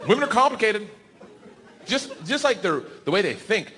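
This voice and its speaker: A man doing a stand-up comedy set, animated and storytelling, acting out voices and bantering with the crowd. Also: high-pitched, moderate pace. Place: comedy stage before a live audience. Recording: live show with audience laughter and background noise.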